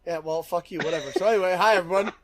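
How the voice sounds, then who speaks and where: A man's voice: sits high, fairly bright tone. A man hosting a podcast, trading profane, jokey insults with his co-host in casual banter. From Connecticut. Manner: profane, jokey, quick comebacks.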